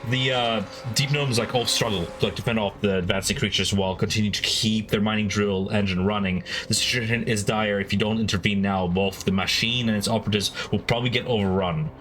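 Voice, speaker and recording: A man runs a tabletop game, narrating scenes in a low voice. He keeps it casual and loose, dropping "like" and "uh" throughout, over faint background music. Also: fairly even intonation, fast, few pauses, fairly bright tone, rough recording. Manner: casual, many fillers like "like" and "uh". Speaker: game master.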